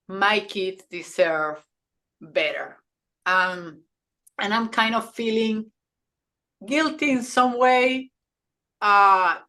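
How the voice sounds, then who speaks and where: Slow, earnest woman co-host. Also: mid-range voice, sharp tone. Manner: earnest, halting, with frequent restarts; speaks non-native English with slips in grammar. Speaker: podcast co-host. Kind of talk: personal storytelling in conversation.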